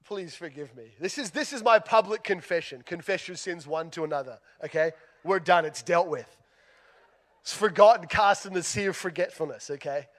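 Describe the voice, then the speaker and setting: Australian guy preaching, telling a funny story on himself, pretty high voice, gets loud then drops real quiet. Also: moderate pace. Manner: storytelling, self-deprecating humor, animated swings in loudness. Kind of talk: sermon illustration story.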